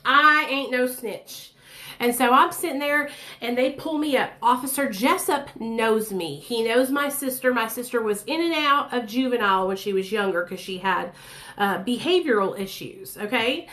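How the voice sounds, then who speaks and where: A woman's voice: a little high, moderate pace. A woman in her thirties telling her own story in casual, blunt, profane speech, acting out the voices of others. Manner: blunt, profane, animated, acts out quoted voices.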